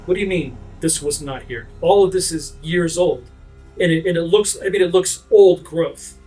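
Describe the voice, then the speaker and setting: A man doing a slow, commanding haughty lord. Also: on the high side, darkish tone, faint music behind, natural voice. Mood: questioning. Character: haughty male lord leading a caravan.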